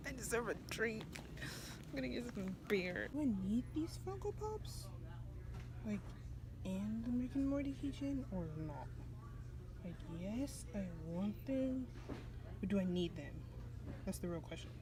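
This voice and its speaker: A woman's voice: a little high, lively intonation, unhurried, long pauses. A young adult woman vlogging in a bubbly, chatty way, full of "like" and "y'all" as she talks to viewers. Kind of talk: casual vlog chat. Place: in and around a car, out and about shopping.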